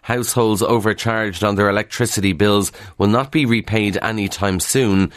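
A man with a Kildare Irish accent talks through the day's newspaper headlines for radio in a very low voice. He keeps it brisk and chatty, dropping dry asides and the odd "uh" between items. The sound is close and dry, with no room around it. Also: fairly even intonation, dry recording. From Ireland. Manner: brisk and conversational, dry asides, frequent "uh" fillers. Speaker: radio presenter reviewing the morning papers. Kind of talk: newspaper review with casual asides.

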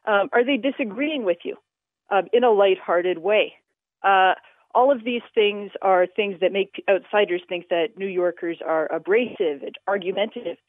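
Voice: mid-range voice, moderate pace, no echo. An interview guest explaining language history in a radio interview, talking with many filler sounds. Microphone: telephone. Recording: tinny phone line, dry.

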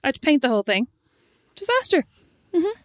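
A young woman chats with rapid, tumbling speech, retelling her own mishaps with lots of drama. Her voice sits a little high for a woman. The recording is close and dry. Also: no room sound. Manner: animated storyteller, dramatic retelling. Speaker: podcast co-host. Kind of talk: casual chat.

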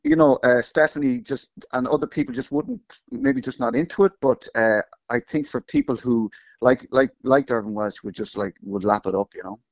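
A man's voice: medium pitch, animated, darkish tone, no room sound, dull audio. A man, a guest on a radio book club, rambling casually with lots of "like" and "sort of". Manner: rapid, rambling, lots of fillers.

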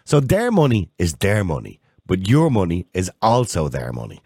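A man in his sixties with an Irish accent hosting a radio phone-in, blunt and opinionated and quick to jump in. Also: sits low, huge pitch swings, dark tone, husky, no echo, clean studio sound. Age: 60s. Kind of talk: casual radio phone-in chat.

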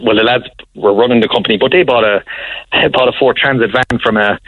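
A man's voice: mid-range voice, fairly even intonation, fairly quick, breathy edge, dry recording, lo-fi sound. An Irish man in his thirties calls in to a radio show and tells a long, rambling story, chuckling often and restarting his sentences. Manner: rambling, chuckling anecdote teller with many restarts. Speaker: caller. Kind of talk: casual phone-in storytelling.

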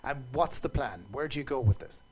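An Irish man hosting a radio business interview, quick and jokey with his guests. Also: mid-range voice, animated, a little mellow. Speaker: radio business show host.

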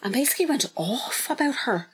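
A woman co-hosting a podcast, telling a gossip story in an animated, swearing, casual way. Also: high voice, fairly quick, breathy edge. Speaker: podcast co-host. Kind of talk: casual chat.

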